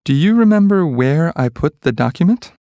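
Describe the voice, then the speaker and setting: Male reader for language drills, measured and clear, slightly raised pitch. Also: no echo. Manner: clear, even, measured delivery of single sentences. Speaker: reader of practice sentences. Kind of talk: reading English practice sentences.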